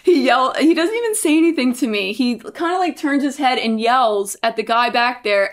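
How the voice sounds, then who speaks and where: A young woman with a high, bright-sitting voice tells a story on a casual podcast. She is animated, acting out each exchange and jumping her pitch way up for quoted lines. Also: moderate pace, few pauses. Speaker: podcast co-host.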